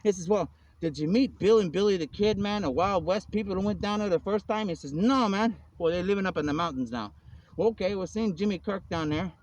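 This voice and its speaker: A man's voice: sits high, brisk, a little mellow, rough recording. A man vlogging in a rambling, off-the-cuff monologue that leaps between topics and keeps saying "man". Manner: acts out quoted exchanges in casual voices.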